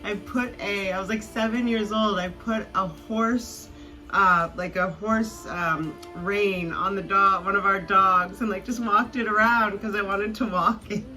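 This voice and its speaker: A woman's voice: mid-range voice, fairly even intonation, measured pace, sharp tone, faint music behind, poor audio. A woman hosting a podcast, telling rambling stories in casual chat with lots of fillers. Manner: rambling, chatty storytelling with many fillers. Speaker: podcast host. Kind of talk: casual conversation.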